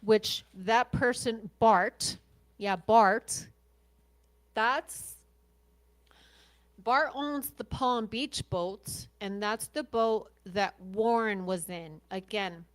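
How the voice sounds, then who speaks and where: A woman's voice: medium pitch, extremely slow. A woman podcast host commenting on interview clips, blunt and sarcastic, swearing freely.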